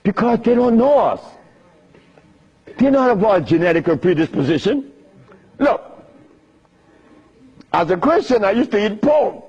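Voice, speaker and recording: A man's voice: high-pitched, sing-song, measured pace, vocal fry, pauses often, a little mellow, husky. A man giving a storytelling talk to an audience, emphatic and chuckling through his asides. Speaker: speaker at a Q&A talk. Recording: dull lo-fi recording.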